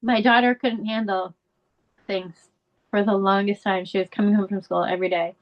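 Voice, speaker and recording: A middle-aged bereaved mother and advocate, interviewed as a guest, shares a painful family story with earnest emotion and candor. Her intonation is fairly even and her pace moderate, rising in pitch when feelings surface, all on a muffled recording.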